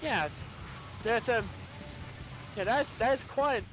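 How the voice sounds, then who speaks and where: A man's voice: extremely high pitch, slow pace, music in the background. A man with an Australian accent chatting casually while gaming, stumbling and repeating his words. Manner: stammering, repeats words, laughs often. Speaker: gamer on voice chat.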